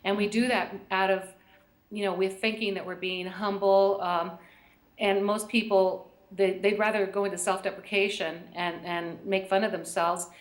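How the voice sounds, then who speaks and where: A woman's voice: mid-range voice, level tone, moderate pace. A middle-aged woman from the United States, chatting as a guest on a call-in show, telling stories with lots of laughs. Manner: chatty, storytelling, laughs often. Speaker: guest, intuition teacher. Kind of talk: casual chat on a call-in show. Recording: echoey room.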